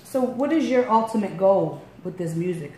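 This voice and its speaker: A woman with a Baltimore accent telling a story in casual chat as a radio interviewer, acting out quotes with big jumps in pitch. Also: expressive, moderate pace, a little mellow. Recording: echoey room, faint noise.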